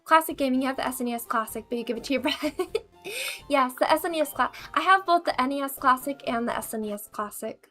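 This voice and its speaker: A woman's voice: high voice, fast, bright, forceful tone, soft background music. A bubbly woman streaming a game, chatting casually with viewers and laughing often. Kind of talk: casual gaming chat.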